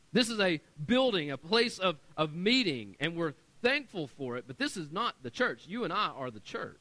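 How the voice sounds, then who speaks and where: A male pastor preaching a sermon in a church, reading scripture and stressing points by repeating words, swinging between loud and soft. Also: a little high, very animated, moderate pace, hardly any pauses, rough recording. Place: church sanctuary.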